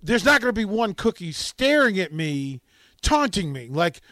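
Animated high-voiced male radio host. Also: moderate pace, no echo, studio quality. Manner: animated storytelling, dramatic swings from loud to hushed. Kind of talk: casual call-in radio chat.

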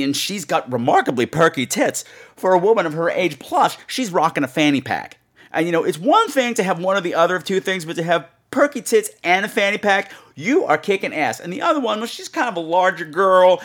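A male podcast host chatting through a campy, theatrical monologue. His voice sits fairly high, and his pitch rises and falls animatedly as he talks. He keeps a loose, conversational delivery. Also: fairly bright tone. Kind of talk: casual monologue.

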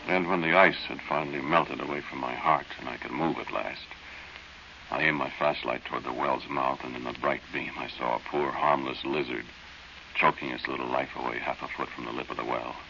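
A young man telling his spooky desert story, super low and gravelly, sharp edge, old muffled radio play with a bit of hiss. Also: steady tone, brisk, exaggerated voice. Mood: storytelling. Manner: plain-spoken storytelling, drops to tense murmurs. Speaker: narrator and lead character. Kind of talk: 1940s radio acting. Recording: dull old radio recording with faint hiss.

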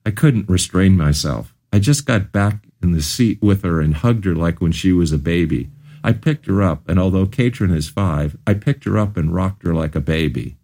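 Deep-voiced man reading his memoir. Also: normal speed, dark tone. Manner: earnest first-person storytelling. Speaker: memoir narrator.

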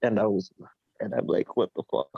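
A young man telling a story in a casual chat with friends, animated and swearing, acting out what people said. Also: lowish voice, fairly quick, breathy edge. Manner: animated, swearing, acts out quotes. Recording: dull, dry lo-fi sound.

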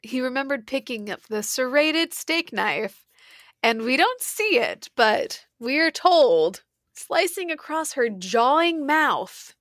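A woman's voice: high-pitched, expressive, slow, fairly bright tone, dry recording, clean studio sound. A woman co-hosting a podcast in casual chat, reacting with wry humor. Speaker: podcast co-host.

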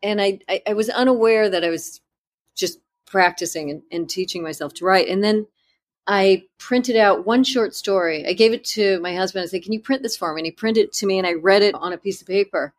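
Woman author, interview guest; candid and self-deprecating, halting restarts, mid-pitched voice. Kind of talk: conversational interview storytelling.

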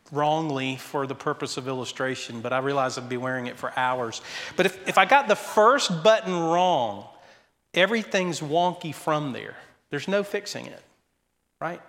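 A man preaching from the pulpit, his voice sitting a little high for a man and trailing off into the long reverb of a big hall. He mixes plain teaching with personal anecdotes, speeding up and slowing down as he makes his points. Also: fairly bright tone. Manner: conversational preaching with anecdotes, varied pace. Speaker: pastor. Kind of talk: sermon.

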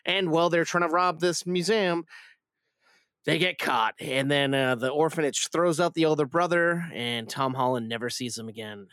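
A man's voice: fairly high pitch, moderate pace, a bit bright, clear, resonant tone, dry recording, clean studio sound. A man hosting a casual film review podcast, rambling with lots of fillers and restarts.

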